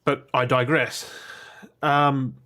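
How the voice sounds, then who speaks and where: A man's voice: medium pitch, flat delivery, takes it slowly, sharp tone. A man talking casually to his viewers about his movie and game pickups, rambling and swearing freely. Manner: blunt, swears casually, digresses and restarts often.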